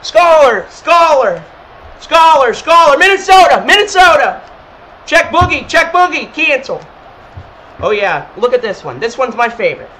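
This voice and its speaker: A young man streaming a football video game, teasing his opponent with playful trash talk between quick play calls. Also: extremely high pitch, big pitch swings, pushed and bright, slight background noise, rough recording. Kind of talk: casual gaming stream chat.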